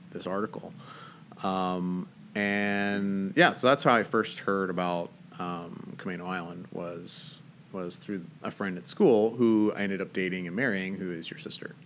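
Deep-voiced young man with American accent. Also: a little hiss or hum. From Northern Ireland. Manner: relaxed, rambling, many fillers. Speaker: guest, coffee business owner. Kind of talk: casual interview.

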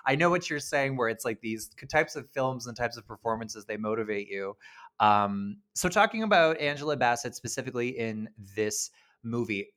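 A man's voice: medium pitch, expressive, normal speed, a bit bright. A man co-hosting a casual podcast, chatting and laughing often, with frequent restarts. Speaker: podcast co-host. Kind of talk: casual film discussion.

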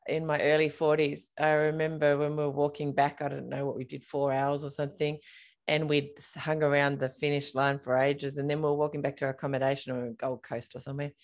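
A woman's voice: low-pitched, flat delivery, a little fast, darkish tone. A middle-aged woman hosting a casual interview, thoughtful and often searching for words. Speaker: podcast host.

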